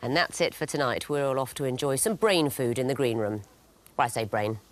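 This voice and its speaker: A woman's voice: very deep voice, fairly quick. A woman hosting a quiz show, reading scripted links and giving verdicts with a dry wit.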